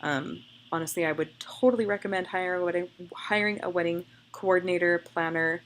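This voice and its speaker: A woman's voice: fairly low pitch, brisk. A young woman photographer talking through her photo edits in a chatty, gushing way, thinking aloud as she clicks. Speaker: photographer demonstrating photo editing. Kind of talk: casual screen-recorded tutorial.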